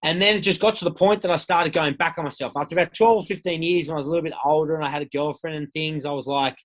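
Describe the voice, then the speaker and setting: A man's voice: on the high side, fairly even intonation, rapid-fire, few pauses, fairly bright tone. An Australian man in his thirties, a podcast guest telling his own story in a candid, casual way with plenty of swearing. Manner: candid, swears freely, acts out quoted voices.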